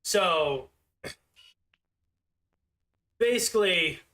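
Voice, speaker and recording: A man's voice: sits high, expressive, very slow, pushed and bright. A man in his thirties chatting casually on a livestream, rambling and self-deprecating with lots of fillers. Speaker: streamer.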